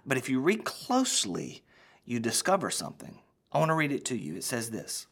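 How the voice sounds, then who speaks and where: Guy pastor giving a sermon, goes big and loud then drops to a hushed whisper. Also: medium pitch, huge pitch swings, fairly quick. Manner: dramatic preaching, swinging between loud emphasis and hushed near-whisper.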